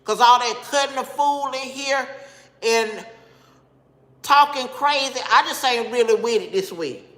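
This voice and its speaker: A woman's voice: a little high, unhurried, fairly bright tone. A woman hosting a casual live stream, talking straight to her viewers and bluntly scolding the commenters. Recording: echoey room with long reverb.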